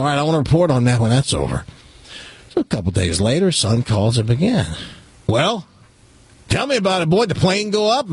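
A radio host, a man, tells a long joke with a lively, swooping voice. His tone is slightly husky, heard dry and close on the studio mic. He jumps between the voices of the people in the story. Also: mid-range voice, no room sound. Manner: animated storyteller, switching between the father's and the son's voices. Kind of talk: telling a joke on air.

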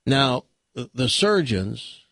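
A man's voice: mid-range voice, slow pace, gravelly, no room sound, studio quality. A man hosting a radio show, chatting casually and telling a long joke with dramatic pacing. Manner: animated, dramatic storyteller.

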